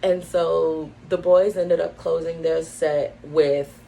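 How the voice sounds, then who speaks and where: A woman's voice: low-pitched, fairly even intonation, slow pace, creaky, dark tone, a little hiss or hum, poor audio. A young woman vlogger telling a casual story at home, full of "like" and "um" fillers. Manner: chatty, lots of "like" and "um" fillers. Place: at home, indoors.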